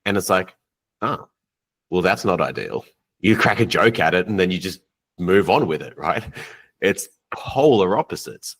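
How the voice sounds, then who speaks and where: A man's voice: deep voice, lively intonation, normal speed, a bit bright. A man co-hosting a podcast as a coach, talking bluntly and casually with some swearing.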